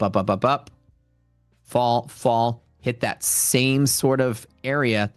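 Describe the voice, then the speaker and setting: A man's voice: fairly low pitch, no echo, studio quality. A man hosting a livestream from home, rambling in casual chat and answering viewer questions. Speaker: livestream host and futures trader.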